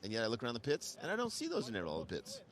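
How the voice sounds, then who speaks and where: A man's voice: mid-range voice, huge pitch swings, very fast. A man giving easygoing color commentary on a live paintball match. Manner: easygoing, joking banter. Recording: background noise.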